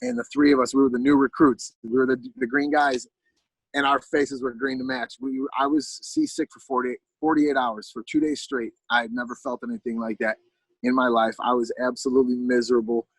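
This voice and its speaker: A man, a pro fighter as a podcast guest, telling a story in an animated, casual way and often asking "you know what I mean". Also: medium pitch, a little fast, gravelly, slightly rough, dry recording, poor audio.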